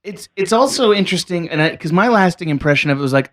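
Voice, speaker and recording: A man's voice: high-pitched, expressive, fast. A man co-hosting a podcast interview, curiously asking the guest questions in a loose, rambling way. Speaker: podcast co-host.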